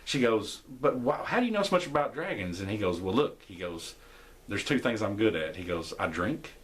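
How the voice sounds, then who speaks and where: A young man hosting a podcast, casually recapping an episode and acting out the characters' lines with shifting pitch. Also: big pitch swings, fairly quick, slight background noise. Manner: rambling, acts out quotes with shifting pitch. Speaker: podcast host.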